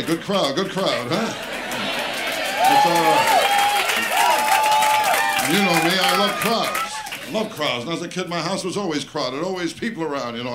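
A man doing live stand-up comedy on a club stage, firing off brash self-mocking one-liners and bantering with the audience. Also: medium pitch. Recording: live club recording, loud crowd laughter and noise.

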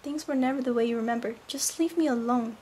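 A young woman voicing a teenage cartoon girl who defensively pushes away an old friend, loud and insistent. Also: a little high, fast talker, a little hiss or hum, natural voice.

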